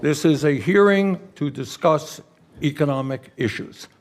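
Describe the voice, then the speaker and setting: A man's voice: on the high side, a little slow. A man chairing a hearing, firm and repeatedly calling for order. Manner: firm, keeps interrupting to restore order. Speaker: committee chairman.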